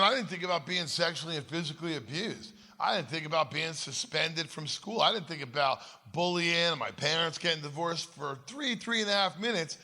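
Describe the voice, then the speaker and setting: The long reverb of a large hall surrounds a guest speaker at a church conference as he recounts his own story onstage, emphatic and conversational, often checking with the crowd. His voice is on the high side, with a sharp tone.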